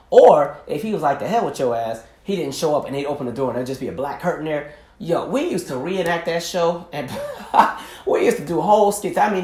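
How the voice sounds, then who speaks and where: A man hosting a podcast, telling casual stories in a slangy, animated way and laughing often. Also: on the high side, reverberant. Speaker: podcast host. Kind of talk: casual storytelling monologue.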